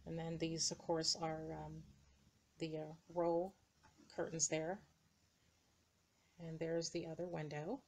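Taking it slowly with long pauses, a woman narrates her dollhouse rooms in a casual, hesitant way full of ums and uhs, her low voice darkish and barely moving in pitch. She's recorded indoors beside the dollhouse on a hand-moved camera mic.

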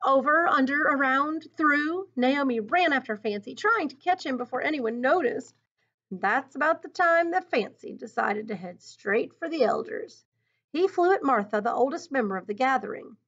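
A woman reading a picture book aloud in an expressive, teacherly way, pausing to think aloud about the story. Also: sits high. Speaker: storybook reader. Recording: dull lo-fi recording.

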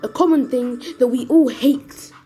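A woman's voice: high voice, measured pace, warm tone. A woman casually telling her own fan story, rambling and swearing as she goes. She keeps breaking off to restart her sentences. Faint music plays under her voice. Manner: profane, rambling, self-interrupting.

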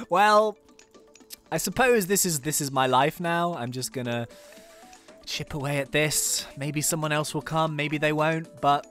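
A young man giving excitable gameplay commentary, talking to himself with dramatic groans and cheers as he plays. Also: high-pitched. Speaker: gaming channel host.

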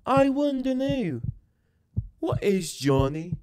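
A woman voicing a dramatic narrator in a comic sketch, with slow, ominous narration. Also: on the high side, big pitch swings, dark tone.

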